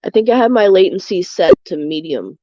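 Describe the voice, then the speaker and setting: A woman's voice: lowish voice, lively intonation, brisk, warm tone, dry recording. Rambling young woman streamer. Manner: rambling with many fillers. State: out of breath. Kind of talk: casual livestream chat. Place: bedroom. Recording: slightly dull dry sound.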